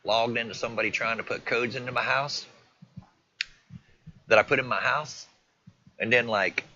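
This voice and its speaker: A man's voice: mid-range voice, steady tone, moderate pace, pushed and bright, dry recording. A man livestreaming, animatedly reacting to and retelling video clips, swearing casually. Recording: dull lo-fi stream audio with faint noise.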